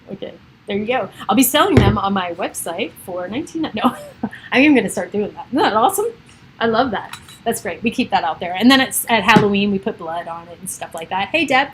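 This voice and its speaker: Woman, middle-aged, livestream host, casual chat, laughs often, slightly high voice, faint background noise. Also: animated, normal speed, fairly bright tone, poor audio. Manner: chatty, laughing often, greeting commenters.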